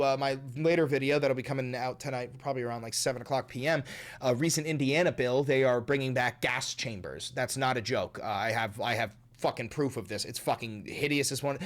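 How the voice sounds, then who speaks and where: A man hosting his own channel, reacting to clips in a heated, profane and casual way. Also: mid-range voice. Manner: heated, profane, swings in loudness. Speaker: commentator and host.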